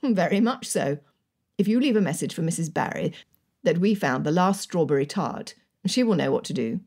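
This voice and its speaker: A woman's voice: lowish voice, animated, normal speed. A woman voicing a jovial, joking Regency colonel. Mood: firm. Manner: warm, joking and firm. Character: jovial Regency army colonel, loyal cousin. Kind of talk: audiobook character reading.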